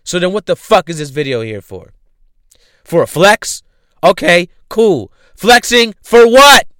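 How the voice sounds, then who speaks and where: Man, podcast host, profane rant, bright forceful voice, crisp close dry sound. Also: on the high side, very animated, unhurried, no echo. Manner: blunt, profane, rhetorical questions. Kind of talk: ranting music commentary.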